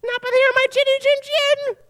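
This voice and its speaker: A man doing a squeaky little pig in falsetto. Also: little pitch movement, fast, fairly bright tone, long reverb tail. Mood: defiant.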